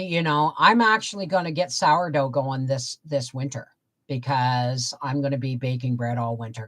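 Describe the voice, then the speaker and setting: An older woman hosting a casual live stream, chatting and answering viewer comments as she reads them out. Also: low-pitched. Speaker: homestead livestream host.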